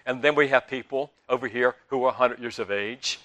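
An older man with a Southern US accent preaching a sermon, telling stories with big swings between loud and soft. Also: mid-range voice, a little fast. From Southern United States. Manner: animated storytelling with big swings in loudness.

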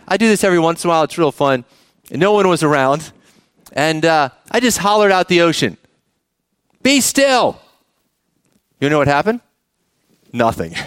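A man's voice: high voice, a bit bright, clear, resonant tone, no room sound, clean studio sound. A man preaching a sermon as the church's pastor, talking conversationally and often asking the congregation questions.

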